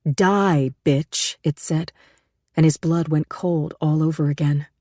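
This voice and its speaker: A woman reading an audiobook thriller in steady, measured scripted narration. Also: sits low, no room sound, studio quality.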